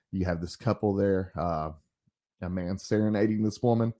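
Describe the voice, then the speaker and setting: A man giving casual commentary on an old comic book, rambling with frequent pauses and asides. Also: deep voice, dark tone.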